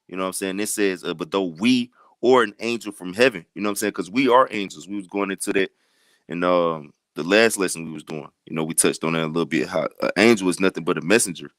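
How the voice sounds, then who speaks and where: A man's voice: low-pitched, quick pace, a bit bright, dry recording. A man teaching scripture in a casual, repetitive way, building to emphatic questions. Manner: loose, repetitive, rising to emphatic challenges. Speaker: bible study teacher.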